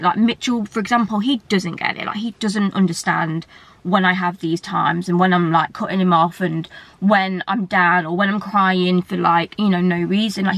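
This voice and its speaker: A woman's voice: medium pitch, a bit bright, no echo. A young English woman talking candidly to camera in a personal vlog, tearful and rambling. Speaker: vlogger.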